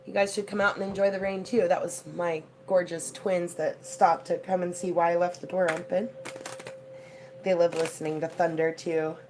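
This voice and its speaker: Gushy lady doing a tarot stream at home, kinda low voice, rain noise behind. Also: flat delivery, normal speed. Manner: chatty and effusive, thanks viewers. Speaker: tarot card reader hosting a livestream. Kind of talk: casual livestream tarot reading. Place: home with a door open to the rain. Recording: noisy, rain heard behind.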